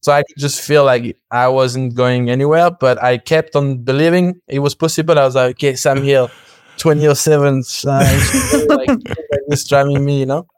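Young male guest, lively storyteller, acts out dialogue, smooth clear voice, mid pitch. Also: normal speed, dry recording, studio quality. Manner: animated, acts out quoted dialogue, laughs often, swears. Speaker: podcast guest. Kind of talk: casual storytelling.

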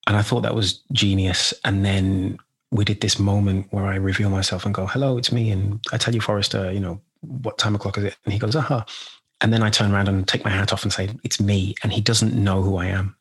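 Low, husky man, guest actor, halting and reflective, slips into quoted lines. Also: little pitch movement. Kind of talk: conversational interview storytelling.

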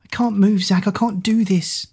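A woman's voice: medium pitch, fairly even intonation, moderate pace, a little mellow, husky, voice pushed up. A woman voicing an anxious, dramatic teenage girl in a storybook reading, speaking in a pleading, panicky way. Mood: panicked.

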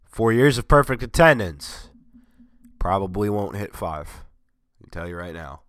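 A vlogger with a very low voice, worn and strained from a cold, chats casually into his desk mic, rambling and mocking himself with dry sarcasm. His intonation is lively, his pace moderate and his tone fairly bright, with close, dead sound and no room echo.

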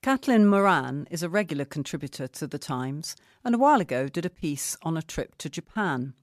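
A presenter reads a newspaper article aloud in a dry, wry tone. The voice sits at an ordinary pitch. The sound is close and dry, with no room around it. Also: big pitch swings, brisk, no echo.

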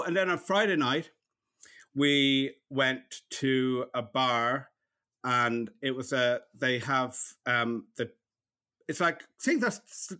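An Irish man with a slight lisp, chatting loosely on a podcast. His voice is bright and forward, mid-pitched, and he rushes and mumbles through his stories with easy laughter. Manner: fast, mumbling, laughs often. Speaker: podcast co-host. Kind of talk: casual chat.

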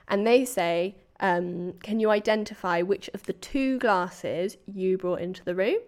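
A woman hosting a true crime podcast, telling the story in a casual, animated way with quoted voices. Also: medium pitch, a little slow. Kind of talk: casual chat.

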